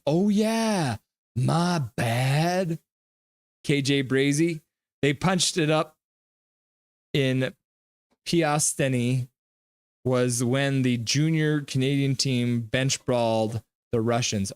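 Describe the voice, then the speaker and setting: A man streaming a live reaction, calling plays and reading chat aloud with excitable, jokey trash talk. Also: medium pitch, clean tone, no room sound.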